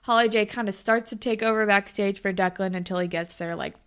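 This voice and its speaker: Bright-voiced young woman recapping casually. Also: mid-range voice, brisk, smooth. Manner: animated retelling, acts out characters' lines. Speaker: podcast co-host.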